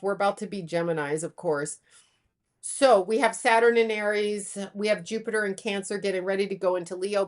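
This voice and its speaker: A woman astrologer and psychic guest talking casually on a podcast. Her delivery is blunt and matter-of-fact, with easy swearing, at an average pitch for a woman. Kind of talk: casual interview chat.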